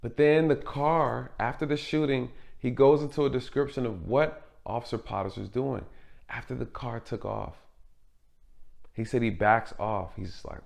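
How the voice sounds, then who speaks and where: Earnest guy doing a commentary review, super gravelly, asks lots of questions. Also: mid-range voice, fairly even intonation, moderate pace. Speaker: commentary host. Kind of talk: courtroom video commentary.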